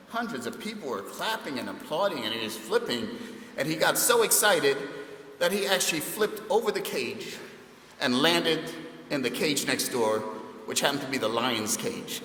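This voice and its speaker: A man's voice: mid-range voice, pushed and bright, a little hiss or hum. A middle-aged man, a university administrator, giving a welcome speech with jokey stories in a large chapel. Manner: jokey storytelling. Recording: echoey chapel hall.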